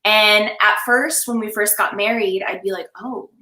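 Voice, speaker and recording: A young woman with a bright, forceful voice talks in a lively, animated way and keeps breaking into laughter. She acts out short scenes as she chats. The sound carries some room echo. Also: medium pitch, moderate pace. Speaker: confidence coach, guest. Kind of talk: casual live-stream chat.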